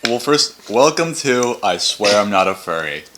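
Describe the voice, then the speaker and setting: A man co-hosting a casual podcast in a relaxed, laid-back way. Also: fairly low pitch, a little slow, noisy background. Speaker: podcast co-host.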